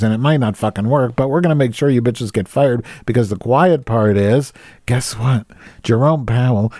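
A man's voice: mid-range voice, mellow, dry recording, clean studio sound. A man hosting his own show, rambling through a crude, sarcastic solo rant. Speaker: podcast host.

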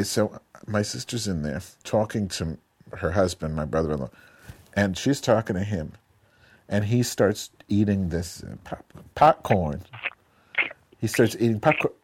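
Rambling, foul-mouthed man telling stories. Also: fairly low pitch. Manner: rambling, profane, self-mocking storytelling. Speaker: podcast co-host. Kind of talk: crude casual chat.

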